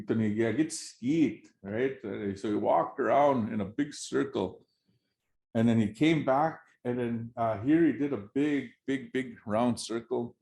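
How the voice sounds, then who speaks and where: A man's voice: mid-range voice, darkish tone, a little hiss or hum. A man telling a traditional story to an audience in a casual, chatty way, laughing often and checking in with his listeners.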